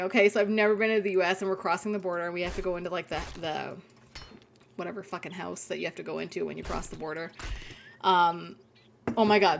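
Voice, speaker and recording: A woman's voice: on the low side, vocal fry, slight background noise. A young woman, chatting casually on a gaming live stream, telling stories and swearing freely. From Canada. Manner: chatty storyteller, swears freely, reads chat aloud.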